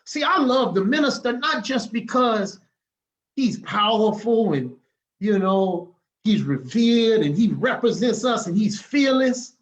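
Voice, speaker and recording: A man's voice: high voice, animated, measured pace, highs cut off. A man speaking as a podcast guest, giving an emotional personal testimony, fired up and emphatic, often adding "man" to his sentences.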